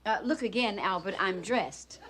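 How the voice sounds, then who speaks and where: An actress playing a blunt, wisecracking housewife in a studio sitcom. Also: female voice, medium pitch, normal speed, fairly bright tone, close to an everyday voice. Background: studio audience laughter.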